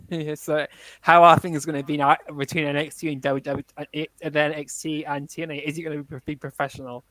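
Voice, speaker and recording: British male co-host, amused, higher voice, dry mic. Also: level tone, fairly quick, a bit bright, no room sound, low-quality recording. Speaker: podcast co-host. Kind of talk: casual wrestling review chat.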